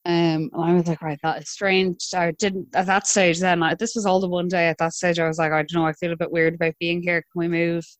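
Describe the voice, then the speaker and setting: A young Irish woman in her twenties, telling her own story in a relaxed, chatty way with hesitant restarts. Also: on the low side, fairly quick, few pauses, dry recording. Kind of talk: conversational storytelling.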